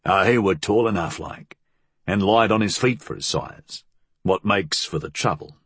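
A man voicing a big, rough-spoken working man who talks coarsely and slowly with a growl. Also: low voice, fairly bright tone, no room sound, heavily acted. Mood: gruff.

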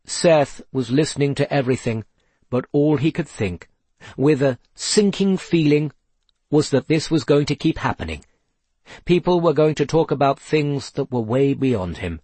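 A man narrating a storybook in a measured, expressive way. His voice is a little high for a man and husky, recorded dry and close with no room around it. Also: dry recording.

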